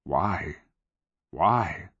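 A man's voice: sits low, lively intonation, very slow, fairly bright tone, slightly rough, no echo, heavily acted. A man voicing a weary, bruised old wizard who pleads and then turns sternly indignant, read for an audiobook. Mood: pleading. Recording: dull lo-fi audio.

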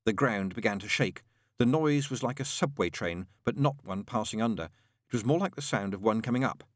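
A man narrating an audiobook in a dry, measured storytelling manner. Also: fairly low pitch, dry recording.

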